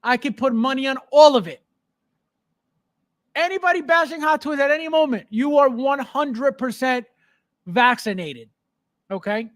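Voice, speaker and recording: A man with a very high voice hosts a casual livestream, reading chat aloud and ranting bluntly and emphatically about his hobby. He talks at a moderate pace, pauses often, and laughs a lot, with a fairly bright tone.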